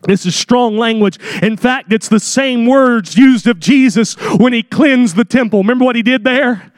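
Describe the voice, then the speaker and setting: A man with a high voice preaches a sermon, heard dry and close with no room sound. His delivery is dramatic, and he acts out the people in his story and builds to shouted peaks. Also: normal speed, dry recording.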